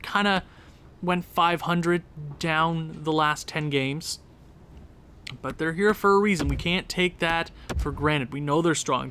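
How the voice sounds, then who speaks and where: A young man casually commentating his hockey video game season, quick and excitable as he recaps scores. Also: fairly high pitch, clear, resonant tone. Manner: excitable, talks fast through game recaps. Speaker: gaming YouTuber.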